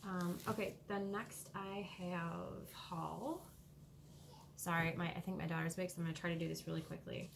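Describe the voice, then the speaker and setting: A woman vlogger showing off her cross-stitch haul at home in a rambling, hurried way, with many pauses and ums. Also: fairly low pitch, level tone, creaky, slight background noise. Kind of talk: casual show-and-tell haul. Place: home, indoors.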